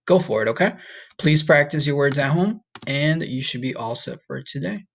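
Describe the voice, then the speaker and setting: A man's voice: medium pitch, expressive, vocal fry, fairly bright tone. A man teaching a recorded online Spanish lesson in a casual way, often checking in with "okay?" and "all right?". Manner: slow, drawn-out modeling of Spanish words.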